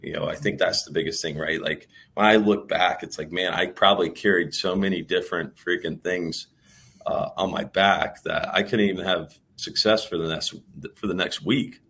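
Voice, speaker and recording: Deep husky guy chatting, rambly, lots of you knows. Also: fairly even intonation, normal speed, a bit bright. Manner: rambling, storytelling, many fillers. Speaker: professional baseball player, guest. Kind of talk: casual interview chat.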